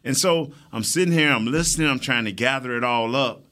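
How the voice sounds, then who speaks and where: A man's voice: mid-range voice, fairly quick, pushed and bright. A man co-hosting a sports talk show, speaking casually and making his case emphatically in repeated phrases.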